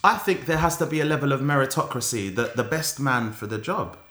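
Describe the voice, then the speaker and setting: A man's voice: medium pitch, fairly quick. Chatty man, roomy echo. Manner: animated, opinionated, chatty. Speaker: podcast co-host. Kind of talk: casual chat.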